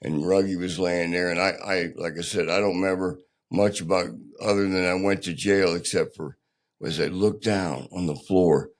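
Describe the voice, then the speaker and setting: An older man, a podcast guest, telling his own story candidly in a plainspoken, halting, rough-edged way. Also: low-pitched, steady tone.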